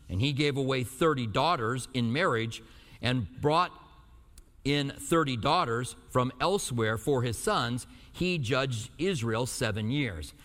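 A pastor from Albuquerque teaching verse by verse, reading scripture slowly and then explaining it in a conversational way with light jokes. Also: male voice, medium pitch, a bit bright. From Albuquerque, New Mexico. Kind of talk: verse-by-verse sermon. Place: church in Tucson. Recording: hall reverb.

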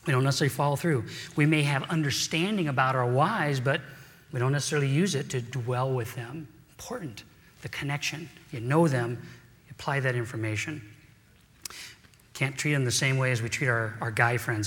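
Conversational preacher in a reverberant hall. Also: male voice, medium pitch, a little fast, fairly bright tone. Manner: conversational, addresses men directly. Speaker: pastor. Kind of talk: sermon.

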